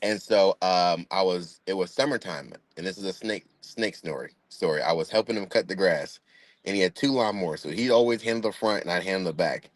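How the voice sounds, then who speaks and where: A man's voice: deep voice, fairly quick, no echo. A young man telling a funny family story in a laid-back, rambling way, with chuckles. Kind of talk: casual storytelling.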